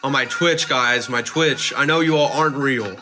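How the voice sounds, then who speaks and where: With a mid-range voice at a moderate pace, a man reads chat messages on his livestream and responds jokingly and sarcastically, cursing a lot, over clearly audible background music.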